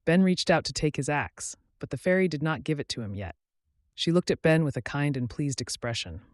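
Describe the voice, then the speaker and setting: Clear, expressive male storyteller, medium pitch with a lot of lift, dry close sound. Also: fairly quick, dry recording. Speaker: channel host and storyteller. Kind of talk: scripted story narration for English learners.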